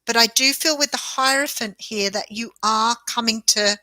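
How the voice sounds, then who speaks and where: Bright-voiced Australian woman reading tarot. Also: a little high, moderate pace, dry recording. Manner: chatty, reassuring, laughs often. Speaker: tarot reader. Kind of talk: live-stream tarot reading.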